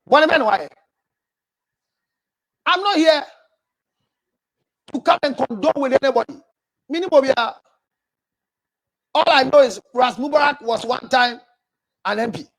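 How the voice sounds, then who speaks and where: A man's voice: extremely high pitch, animated, unhurried, long pauses, fairly bright tone. A man with a Ghanaian accent, a counselor hosting a livestream, animatedly scolding while reading viewer messages aloud. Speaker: counselor and show host.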